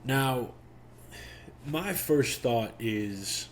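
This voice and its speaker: Slow-talking man telling a story. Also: medium pitch, slight background noise. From Miami. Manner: animated, profane storytelling with acted-out quotes. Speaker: podcast host. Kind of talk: casual storytelling.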